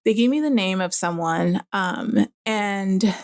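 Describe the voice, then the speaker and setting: A woman's voice: mid-range voice, takes it slowly, no echo. A young woman, a mother, speaking candidly in casual conversation with many fillers. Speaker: guest.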